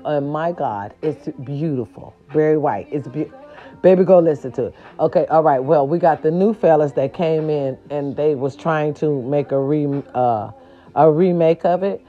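A woman's voice: sits low, normal speed, dull audio, faint music behind. A woman, ranting to her viewers in a sassy, profane and emphatic casual monologue. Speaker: vlogger.

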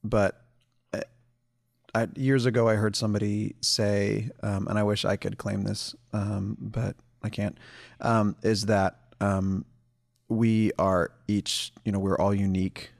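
A man's voice: lowish voice, little pitch movement, measured pace, gravelly. A man in his thirties co-hosting a podcast in casual chat, rambling with many ums and restarts. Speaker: podcast co-host.

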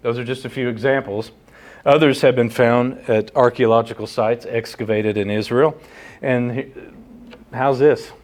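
A man's voice: mid-range voice, fairly even intonation, moderate pace, a little mellow. Earnest man preaching a sermon. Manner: earnest teaching, rhetorical questions, repeats for emphasis. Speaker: pastor. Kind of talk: expository sermon.

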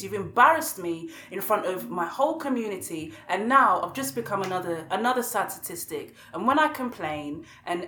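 A woman's voice: medium pitch, bright, forceful tone. A woman, a podcast guest speaking passionately and repeating words as she gets worked up. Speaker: podcast guest, radio show host. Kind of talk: conversational interview. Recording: roomy echo.

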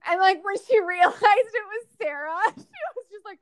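A woman co-hosting a casual fan podcast, chatty and animated, with lots of fillers and restarts. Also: very high voice, fairly quick, hardly any pauses, dry recording, clean studio sound. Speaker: podcast co-host. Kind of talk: casual fan podcast chat about a TV show.

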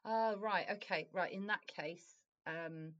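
A woman's voice: on the low side, slow pace, fairly bright tone, lo-fi sound. A young woman in her twenties from Wales, chatting on a podcast, laughing often and swearing casually. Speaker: podcast co-host.

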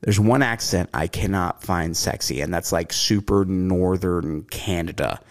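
A man's voice: low voice, unhurried. A man with a faded Southern US accent hosting a podcast, joking crudely, swearing and laughing often. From Southern United States. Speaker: podcast host. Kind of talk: crude casual chat.

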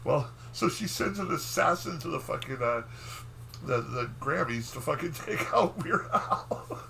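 A man's voice: a little high, animated, measured pace, vocal fry, sharp tone, a little hiss or hum, poor audio. A man co-hosting a podcast, rambling through a profane, filler-heavy recap in casual chat. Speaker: podcast co-host.

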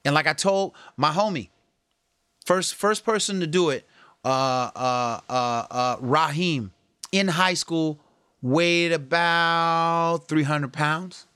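A man with a slightly raised speaking pitch gives an earnest, slangy pep talk about getting healthy. He coaches directly and keeps it casual. The sound is dry and close, with no room echo. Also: slow pace, smooth. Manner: earnest, coaching, slangy, animated when quoting others. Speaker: fitness and health vlogger. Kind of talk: casual motivational talk to camera.

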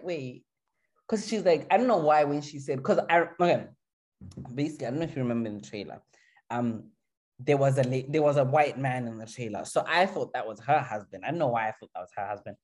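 A woman's voice: very deep voice, brisk, a little hiss or hum. A woman co-hosting a casual chat, rambling and restarting her thoughts. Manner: rambling, restarts a lot, animated. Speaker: podcast co-host. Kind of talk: casual chat reviewing a reality show.

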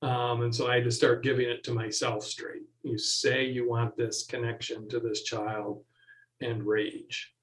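Middle-aged male guest, soft-spoken and searching, halting delivery. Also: mid-range voice, flat delivery, rough recording. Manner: halting, searching, many restarts. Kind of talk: reflective interview talk.

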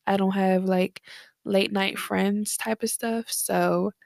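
This podcast host is a young woman recording from her bedroom late at night with headphones and a desk mic, tired and a little out of breath. She speaks slowly in a steady, creaky, medium-pitched voice with a darkish tone, chatting casually and rambling with slang and plenty of fillers. There's no room sound, just clean studio audio.

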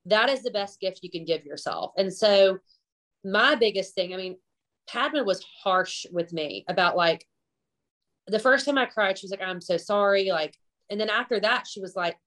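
A woman's voice: medium pitch, lively intonation, normal speed, a bit bright. Southern US woman, chef guest, candid casual interview talk. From US Gulf South. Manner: candid, chatty, laughs often.

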